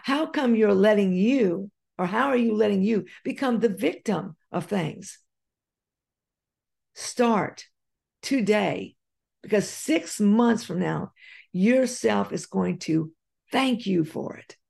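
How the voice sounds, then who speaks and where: A woman's voice: medium pitch, lively intonation, takes it slowly, vocal fry, darkish tone. A woman giving an earnest, encouraging motivational monologue straight to her audience, often repeating her phrases. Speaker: motivational speaker.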